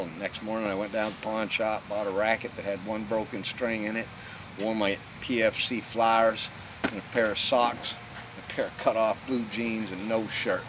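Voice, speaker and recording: Older man, laid-back profane storyteller. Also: fairly low pitch. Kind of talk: casual storytelling. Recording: noisy outdoor recording with crickets.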